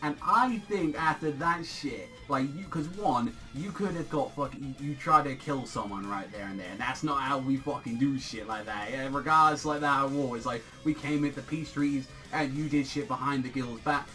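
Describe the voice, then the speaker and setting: A man reviewing a manga chapter in a casual video review, excitable and profane, rambling with lots of fillers. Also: medium pitch, moderate pace, hardly any pauses, soft background music.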